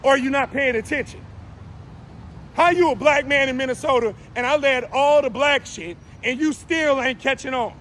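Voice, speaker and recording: A man's voice: very high-pitched, moderate pace, a bit bright, a little hiss or hum. A man hosting his own show, delivering a fiery, confrontational live rant from a downtown street and calling people out by name. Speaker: show host. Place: outdoors on a downtown city street.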